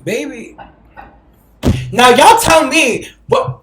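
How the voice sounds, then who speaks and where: A woman's voice: fairly low pitch, animated, fast, background noise. A woman hosting a podcast, telling a story in casual, blunt and profane talk and acting out the people she quotes. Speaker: podcast host. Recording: roomy echo.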